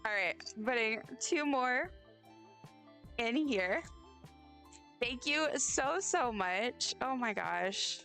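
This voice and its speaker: A woman's voice: fairly high pitch, animated, slow pace, vocal fry, pauses often, sharp tone. A young woman streaming a game, chatting casually and rambling effusively, often stumbling over her words. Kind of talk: casual live-stream chat. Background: faint game music.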